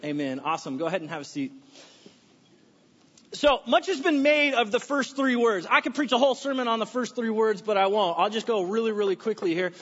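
An American man preaching a sermon as pastor, energetic and conversational, with folksy asides. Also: high voice, a little fast. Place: church sanctuary. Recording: dull sound with long hall reverb.

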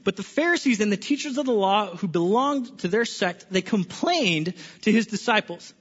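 A man's voice: sits high, expressive, moderate pace, husky. Guy preaching in a church hall, talks like chatting w the room, echoey and kinda muffled. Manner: chatty, restarts words, asks the room questions. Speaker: pastor overseeing small groups. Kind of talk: conversational sermon. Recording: echoey hall, dull lo-fi sound.

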